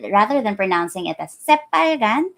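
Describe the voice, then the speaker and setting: A woman's voice: medium pitch, sing-song, moderate pace, creaky. A woman presenting her research in a lecture, explaining carefully with frequent ums and uhs. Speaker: academic presenter.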